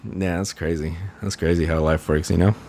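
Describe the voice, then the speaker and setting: A young man in his twenties talking through a solo podcast episode, wandering off on tangents and jabbing with sarcasm. His voice sits on the lower side for a man, and he speaks in a loose, casual way. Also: fairly even intonation, moderate pace, darkish tone. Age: 20s. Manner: rambling, goes off on tangents, sarcastic. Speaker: podcast host.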